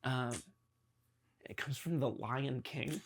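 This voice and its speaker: A young man hosting a podcast, talking earnestly and confessionally with his father, halting with ums and restarts. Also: mid-range voice, gravelly, very noisy. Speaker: podcast host. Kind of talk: emotional conversation with his father.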